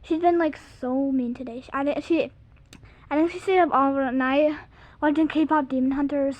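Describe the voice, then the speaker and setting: A young girl with a very high voice chats loosely to her viewers, stuffing her sentences with "like" and slipping into silly sung snippets. The recording is dull and lo-fi, as if made at home. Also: fairly even intonation, normal speed, a little mellow. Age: child. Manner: chatty, giggly, lots of "like", sings silly bits. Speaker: kids' video host. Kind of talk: casual chat showing jump tricks.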